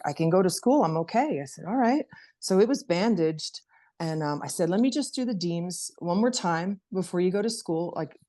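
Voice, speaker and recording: A middle-aged woman on a video call, telling a personal story in an animated way and acting out her child's words. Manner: animated storytelling, acts out her daughter in a high voice. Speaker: interview participant.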